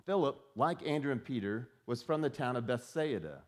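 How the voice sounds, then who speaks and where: A man delivers a sermon in a relaxed, conversational manner. His voice sits at an ordinary middle pitch. He often repeats words as he starts a thought and acts out the voices he quotes. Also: normal speed. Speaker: pastor.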